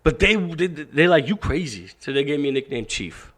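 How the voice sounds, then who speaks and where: A man's voice: a little high, moderate pace. A man in his thirties from Pakistan, a boxing coach talking as a podcast guest, telling a story casually with frequent swearing and acted-out quotes. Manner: animated storyteller, swears freely, acts out quotes.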